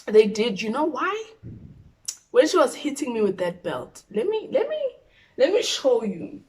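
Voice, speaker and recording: Animated South African woman telling a story. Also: a little high, unhurried, low-quality recording. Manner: animated storytelling, drops to a whisper for quoted thoughts. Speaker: YouTuber. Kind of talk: storytime vlog.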